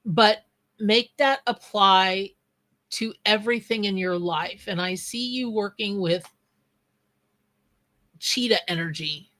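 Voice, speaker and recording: A woman's voice: mid-range voice, slow, pauses often, a bit bright. A woman who reads tarot on a live stream. She chats in a loose, scattered way and breaks off mid-thought to greet viewers from the chat. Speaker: tarot reader and psychic. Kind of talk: live-stream reading with chat shout-outs.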